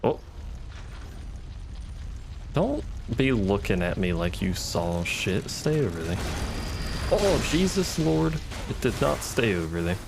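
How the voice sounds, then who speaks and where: A man mutters his way through a game, dry and wry, cursing at whatever attacks him. His voice sits low with a gravelly, creaky edge, and a faint hiss runs under the recording. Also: big pitch swings, measured pace, long pauses. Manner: muttering, wry, swears at enemies. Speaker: gaming streamer. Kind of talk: casual gameplay commentary.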